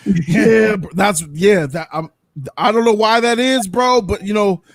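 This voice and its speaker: A man co-hosting a casual chat, talking in an animated, slangy way and laughing often. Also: high-pitched, measured pace, gravelly. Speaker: podcast co-host.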